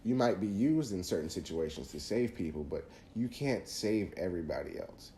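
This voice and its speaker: A man's voice: low voice, lively intonation, moderate pace, warm tone, reverberant, slight background noise. A man hosting a podcast, talking earnestly through faith advice in a casual monologue, often restarting phrases. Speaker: podcast host.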